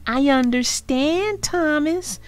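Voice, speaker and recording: A woman's voice: high voice, animated, slow pace, pitched above the performer's own voice. A woman voicing a chorus of mischievous freight cars in a storybook, mocking and sing-song. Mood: teasing.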